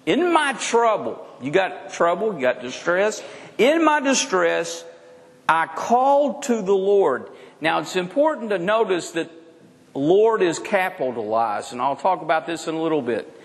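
A pastor preaching a sermon, drawing out his phrases and swinging between soft and emphatic. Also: a little high, creaky. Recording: long reverb of a large hall.

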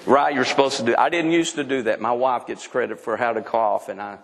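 A man's voice: mid-range voice, steady tone, fairly quick, vocal fry, long reverb tail. A middle-aged man preaching a sermon in a frank, emphatic way, often restarting his sentences. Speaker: pastor.

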